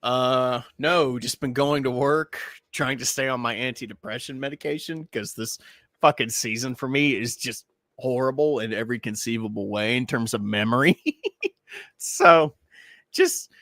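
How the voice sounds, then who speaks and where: A man's voice: medium pitch, animated, moderate pace, fairly bright tone, no room sound, clean studio sound. A man in casual podcast chat, rambling with stammers and frequent laughs.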